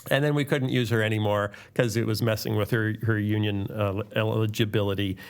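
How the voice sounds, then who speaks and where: A man's voice: lowish voice, fairly even intonation, brisk, smooth. A man hosting a casual podcast chat, joking and reading listener questions aloud. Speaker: podcast host.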